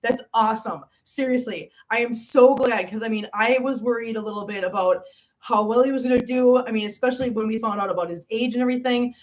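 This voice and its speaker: A channel host is running a casual livestream chat, greeting viewers by name and calling them things like hon and sweetie. Her voice is slightly high and she talks fast, sounding out of breath. The mic is distant.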